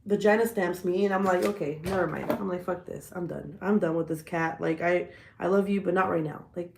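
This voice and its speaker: A woman chats casually on a livestream, telling stories in a profane, animated way. Her voice is lowish with a gravelly edge. The sound is echoey, as if she is in a bare room. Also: a little fast, background noise. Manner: profane, animated storytelling, laughs often. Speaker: livestream host.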